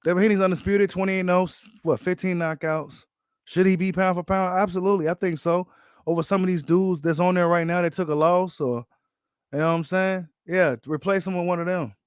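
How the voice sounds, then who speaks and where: A man hosting a boxing channel, giving casual, animated reaction commentary full of slang and repeated phrases. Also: high voice, fairly quick, clear, resonant tone, no echo, clean studio sound.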